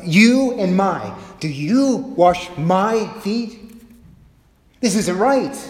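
A middle-aged male pastor delivers a sermon with a voice a little higher than most men's. He moves between quiet, slow reflection and quick, animated storytelling, acting out quotes with humor. The sound rings around a roomy church sanctuary with a long reverb tail. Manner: expressive, shifts pace and loudness, acts out quotes with humor.

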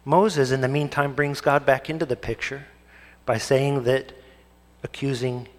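A man's voice: mid-range voice, steady tone, unhurried, big-room sound. A young man preaching a sermon as a pastor, posing rhetorical questions to the congregation.

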